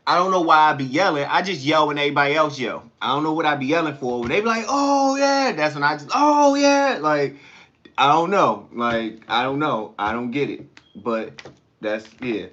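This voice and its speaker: Bright-voiced, chatty livestream host man. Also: a little high, fairly quick, lo-fi sound. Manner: chatty storyteller, slangy and animated. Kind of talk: casual livestream chat answering viewers. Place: home kitchen.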